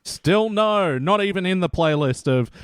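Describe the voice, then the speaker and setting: A man's voice: sits high, animated, measured pace, smooth, no room sound. Chatty man hosting a review podcast, dry mic. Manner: chatty storyteller, laughs often, leads the questions. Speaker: podcast co-host. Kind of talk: casual review chat.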